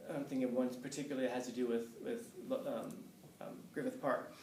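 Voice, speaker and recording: A man's voice: medium pitch, expressive, fast talker. Candid male professor in an echoey classroom. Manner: candid and conversational, with swearing and chuckles. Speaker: college professor. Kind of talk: storytelling lecture to a class. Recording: roomy, distant, faint background hiss.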